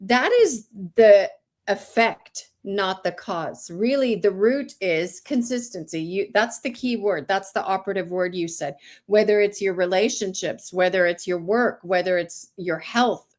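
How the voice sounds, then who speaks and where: A woman from California with Greek heritage, guesting on an interview and telling her story with energy. She brings her tales to life by putting on the voices of the people she quotes, and her pitch sits in the middle of the usual range for a woman. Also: unhurried. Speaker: guest, farmer.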